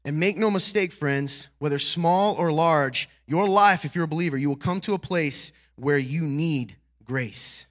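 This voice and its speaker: Male pastor, sermon, high voice, bright tone, conversational, emphatic peaks. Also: unhurried, few pauses. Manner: conversational, checks in with "right?" and "okay?"; builds to emphatic, louder peaks.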